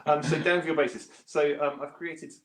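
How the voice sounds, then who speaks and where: Chatty British man in a roomy room. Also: moderate pace. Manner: chatty and self-deprecating, with lively pitch jumps. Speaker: guest bass player and gear reviewer. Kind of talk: casual interview chat. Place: home studio. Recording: roomy echo.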